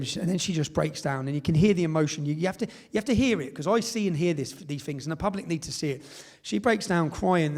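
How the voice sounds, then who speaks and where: A man's voice: a little high, vocal fry, a little mellow. A man giving a speech at a live event, telling stories emphatically with reported dialogue and tag questions. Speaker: public speaker.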